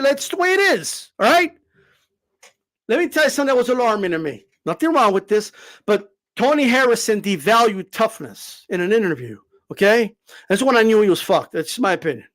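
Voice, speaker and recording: A man giving a casual, animated opinion rant as a boxing commentator, profane and full of fillers. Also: extremely high pitch, fairly quick.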